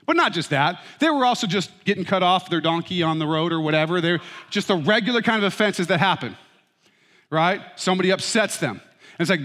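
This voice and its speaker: A middle-aged man preaching a sermon as pastor, with humorous, animated storytelling. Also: sits high, fast talker. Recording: reverberant hall.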